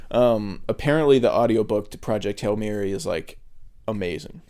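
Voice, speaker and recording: A man's voice: lowish voice, expressive, measured pace, darkish tone. A man co-hosting a podcast, talking in a casual, rambling way with lots of fillers and restarts. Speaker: podcast co-host. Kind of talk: casual chat.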